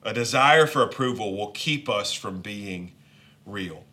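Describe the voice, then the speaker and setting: A man's voice: on the low side, expressive, measured pace, bright, forceful tone. A man with a Southern accent, preaching a sermon in a conversational, joking way with playful asides. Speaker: pastor.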